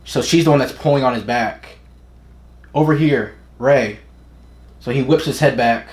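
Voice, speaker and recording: A man's voice: medium pitch, roomy sound. A young man casually reacting live to a comic chapter, forgetting names, swearing now and then, reading the panels aloud. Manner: casual, profane, forgetful of names, reads panels in quick put-on voices. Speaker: manga reaction streamer.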